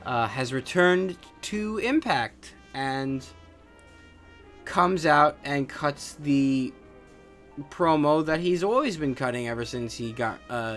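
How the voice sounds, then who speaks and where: A man's voice: fairly high pitch, fairly bright tone. A man hosting a wrestling podcast on his own, ranting in a casual, profane and scornful way with lots of fillers. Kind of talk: casual solo rant.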